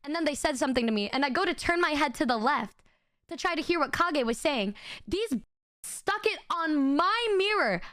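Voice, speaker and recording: A young woman with a high voice tells a funny story to her stream in casual chat. She is animated and laughs often, stammering and restarting as she goes. The recording is close and dry. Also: no echo. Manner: acts out friends' lines in quick high bursts. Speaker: VTuber streamer.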